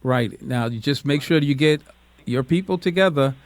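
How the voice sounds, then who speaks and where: A man's voice: on the high side, normal speed, no echo. A man from the United States hosting a call-in radio talk show, speaking in an earnest, encouraging way.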